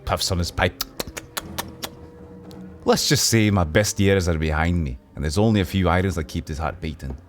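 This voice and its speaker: A man's voice: deep voice, normal speed, pauses often, soft background music, close to an everyday voice. A man voicing a friendly old retired male city guard with a Scottish accent, chatty and folksy in an old-timey way. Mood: wistful.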